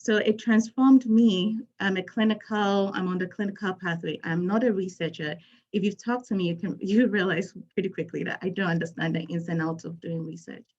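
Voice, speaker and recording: A woman's voice: fairly low pitch, fairly even intonation, brisk, a little mellow, muffled recording. A woman from Ghana, a physician speaking on a panel, telling her story in an earnest, emphatic way. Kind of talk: panel talk.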